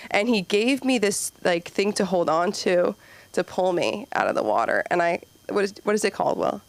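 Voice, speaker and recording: A woman in her twenties doing a rambling stand-up set at an open mic, acting out kids in squeaky voices. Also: expressive, moderate pace, creaky, no echo. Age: 20s. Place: comedy club stage.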